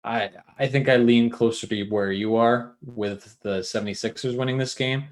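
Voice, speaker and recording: A man's voice: medium pitch, steady tone, moderate pace. Upbeat jokey man hosting sports chat. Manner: jokey, upbeat, with playful asides. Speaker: podcast co-host.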